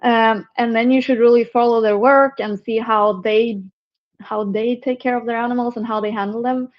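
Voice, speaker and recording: A woman's voice: fairly high pitch, steady tone, normal speed, dull audio. Chatty Swedish-accented woman on a call. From Sweden. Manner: chatty, self-interrupting, laughs easily. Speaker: guest, herpetologist and venomous snake keeper. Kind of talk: casual remote interview.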